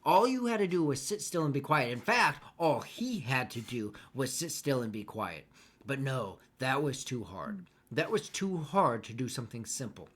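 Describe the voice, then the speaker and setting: A man voicing a calm woman captive who speaks steadily and coolly challenges the people threatening her. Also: mid-range voice, normal speed. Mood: cold, taunting.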